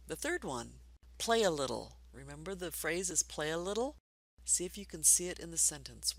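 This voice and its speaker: A woman teaching a basic reading lesson for adults, patient and encouraging, speaking slowly and clearly. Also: deep voice, a bit bright, no echo.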